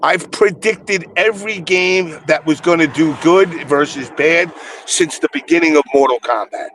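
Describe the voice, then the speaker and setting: A man's voice: fairly high pitch, moderate pace, fairly bright tone, slight background noise. A man in casual podcast chat, telling stories in a blunt, profane way.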